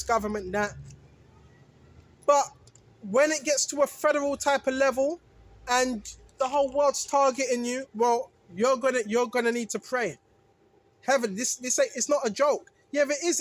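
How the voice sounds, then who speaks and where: With a medium pitch and moderate pace, a religious content creator delivers a casual sermon to viewers. They double back on phrases for emphasis, correct themselves mid-sentence, and keep asking "right?"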